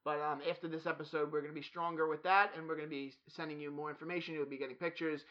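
Fast, high-voiced male podcast co-host, crude joker, muffled lo-fi audio. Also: level tone. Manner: fast, joking, crude banter. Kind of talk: casual podcast chat.

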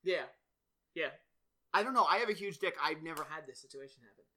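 A man's voice: on the high side, lively intonation, brisk, sharp tone. A man hosting a podcast in casual chat, rambling, swearing and often laughing. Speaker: podcast host.

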